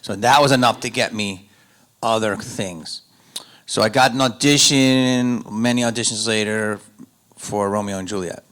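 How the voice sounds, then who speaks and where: A comedian talks on a convention stage, his voice bright and ringing as he tells a rambling story. He drifts from loud joking asides down to low, confiding storytelling, and his speech stays loose and casual. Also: a little slow. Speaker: panel guest, actor and comedian. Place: convention panel room.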